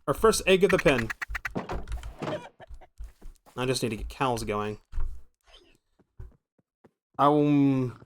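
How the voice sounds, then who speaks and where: A man's voice: mid-range voice, animated, slow pace, long pauses, noisy background. An American man giving casual, rambling gameplay commentary as a streamer, thinking aloud and swearing now and then. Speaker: gaming streamer.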